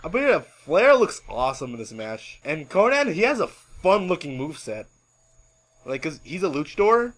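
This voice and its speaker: A man hosting a podcast in casual chat, rambling and animated with many filler words. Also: a little high, normal speed, low-quality recording. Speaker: podcast host.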